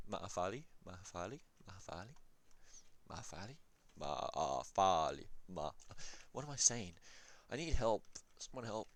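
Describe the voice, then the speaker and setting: Low-pitched and smooth, this young man's voice carries casual, rambling commentary on a strategy game. He swears, cracks jokes, and frequently trails off into ums while giving advice.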